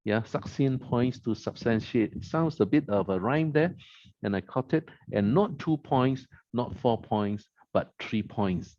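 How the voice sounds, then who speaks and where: A man's voice: medium pitch, lively intonation, unhurried, a little mellow, no echo, lo-fi sound. A man at a club meeting, reviewing the evening's speeches, quoting lines back and naming the rhetorical devices in them. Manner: analytical, quotes lines and names rhetorical devices. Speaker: meeting evaluator.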